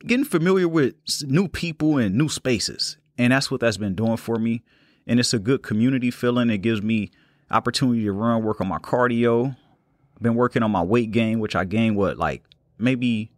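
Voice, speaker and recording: A young man hosting a solo podcast, talking in a calm, unhurried, reflective way. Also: medium pitch, no room sound, studio quality. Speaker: podcast host. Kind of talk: casual solo podcast talk.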